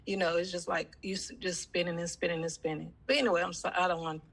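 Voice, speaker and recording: Fast and flat, this woman's fairly low voice sounds fairly bright and slightly rough. She has a slight cold and is a student on a coaching-class video call, rambling casually with many fillers.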